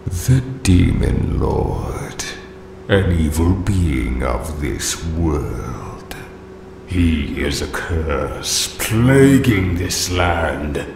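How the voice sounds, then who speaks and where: An ancient, judging flame spirit from a game, drawn out and very slow. His extremely deep voice rolls with gravel and swings widely in pitch. It sounds echoey, with loud noise behind it. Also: expressive, full character voice. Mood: solemn. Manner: solemn, archaic, slow and grave. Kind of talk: game voice acting.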